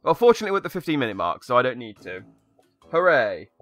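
A man's voice: medium pitch, very animated, fast talker, fairly bright tone, faint music behind. A young man giving sarcastic, rambling commentary while playing a video game. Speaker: gaming YouTuber. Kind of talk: sarcastic let's-play commentary.

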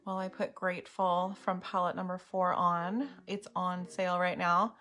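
A woman's voice: on the low side, level tone, moderate pace, pushed and bright, soft background music. Chatty woman hosting a makeup livestream. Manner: chatty, bubbly, talks to viewers by name. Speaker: makeup seller hosting a live video. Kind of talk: casual live makeup tutorial. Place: home room lit by ring light and window light.

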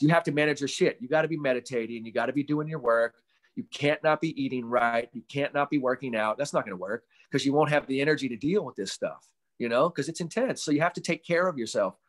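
Animated man swearing casually over video call. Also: medium pitch. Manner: animated storytelling, swears casually, acts out quotes. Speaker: mental performance coach, guest.

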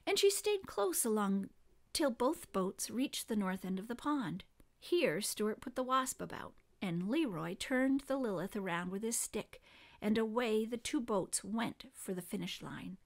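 A woman reading a children's book aloud in an expressive, lively storytelling manner. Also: mid-range voice, measured pace, gravelly.

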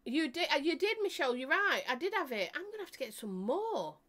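A woman's voice: sits high, very animated, a little fast, fairly bright tone. A woman hosting a live stream, chatting casually with her viewers, laughing often and joking as she reads out their comments.

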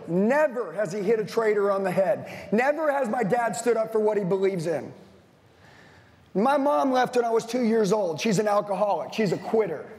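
A man's voice: high voice, a little mellow, long reverb tail. A man in his forties, a sales trainer giving an intense, blunt motivational speech to a live audience, swearing and hammering repeated lines. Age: 40s.

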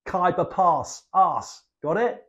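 An older man with a broad Cockney accent speaks slowly, his voice sitting high for a man. He explains slang cheekily, with playful asides. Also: animated, fairly bright tone, dull audio. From East End of London. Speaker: guest dialect speaker.

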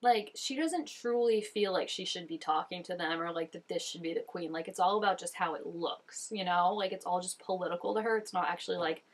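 A woman's voice: on the low side, fairly quick, few pauses. A young woman giving casual reaction commentary, chatty and full of "like" fillers. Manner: chatty, filler-heavy with constant "like". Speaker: reaction video host.

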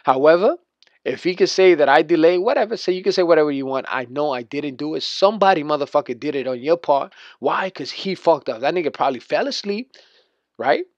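A man's voice: a little high, expressive, a little fast, no echo. A man doing a boastful, profane rant as gameplay commentary over a video game. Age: adult. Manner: boastful, profane, trash-talking. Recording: dull lo-fi dry recording.

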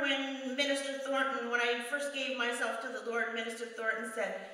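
Woman preaching a testimony, emphatic repeats, bright forceful tone, echoey church hall heard from far off. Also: on the high side, little pitch movement, moderate pace. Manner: emphatic, repeats lines for effect, drops to a hush for stories. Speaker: guest speaker at a church service. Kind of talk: testimony sermon. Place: church sanctuary.

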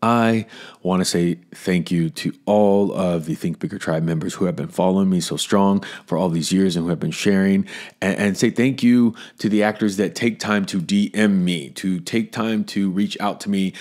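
A middle-aged man from Florida hosting his own podcast. He talks earnestly and emotionally, repeats phrases, and drops to a hush when he is moved. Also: low-pitched, fairly even intonation, normal speed. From Florida, USA. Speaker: podcast host and acting coach. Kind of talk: solo podcast monologue.

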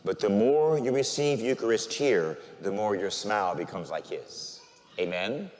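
An older man, a priest, preaching a sermon and telling an emotional personal story, swinging from loud proclamation to quiet, near-tearful speech. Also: lowish voice, animated, measured pace, big-room sound, background noise.

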